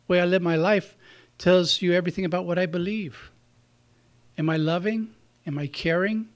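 A man giving a conversational sermon, telling stories and laughing at his own slips. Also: high voice. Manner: conversational, warm storytelling, chuckles at himself. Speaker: preacher.

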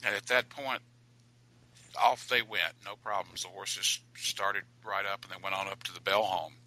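A man, an author and guest, telling a ghost story in an animated, dramatic way. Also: low voice, normal speed, rough recording.

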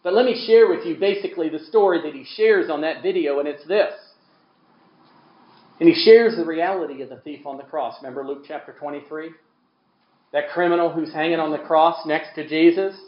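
A man preaching a sermon as pastor, emphatic, swinging from quiet asides to loud peaks. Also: a little high, a little fast, roomy sound, lo-fi sound.

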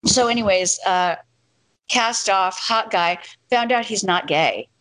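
Middle-aged woman, casual storyteller, animated, acts out quotes, dry close recording. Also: mid-range voice, slow, dry recording, poor audio.

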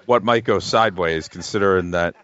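A man's voice: low-pitched, fairly quick, a bit bright, muffled recording. A man co-hosting a casual movie commentary podcast, chatty and laughing often. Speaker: podcast co-host.

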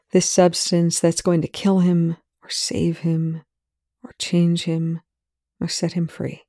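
A reader narrating a fan fiction chapter in a measured way, sometimes dropping to a whisper. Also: medium pitch, creaky, warm tone, no room sound. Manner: measured, drops to whispers at tense moments. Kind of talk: audiobook narration. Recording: dry close recording.

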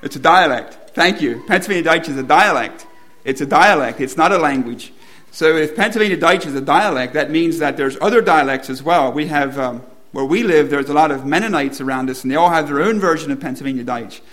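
A man's voice: on the high side, a little fast, fairly bright tone. A man preaching a sermon to a room, asking the congregation questions and building to emphatic repetition.

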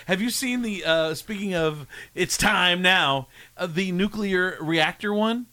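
A man's voice: high-pitched, measured pace, sharp tone. A man hosting a radio show, chatting casually and telling rambling stories with lots of giggles. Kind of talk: casual on-air chat.

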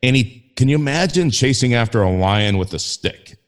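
A man's voice: medium pitch, lively intonation, moderate pace. A man talking as a guest in a casual faith conversation, enthusiastic and rambling with frequent restarts. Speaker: podcast guest.

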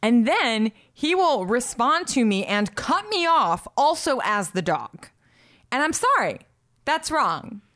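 A woman co-hosting a podcast in casual chat, animated and venting with exasperation. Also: a little high, slow pace. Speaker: podcast co-host.

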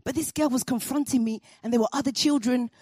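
A woman tells a personal story on stage in an animated, comic way, her voice moving between high and low. Her tone is husky, and the sound is dry and close. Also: fast talker, no room sound. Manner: animated, comic, laughing asides.

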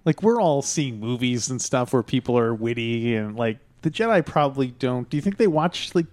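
A man's voice: medium pitch, expressive, normal speed, a little mellow, dry recording. Male co-host, jokey and musing, dry studio sound. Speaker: podcast co-host. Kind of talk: casual podcast chat.

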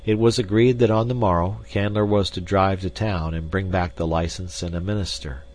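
A man reading a novel aloud as an audiobook narrator, measured and even. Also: sits low. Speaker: audiobook reader. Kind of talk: scripted narration.

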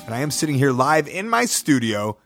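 A man's voice: mid-range voice, sing-song, fairly quick, fairly bright tone, faint music behind. Chatty male podcast host with a cold. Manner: chatty, rambling, upbeat plugs. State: sick with a cold. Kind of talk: casual podcast monologue. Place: studio apartment.

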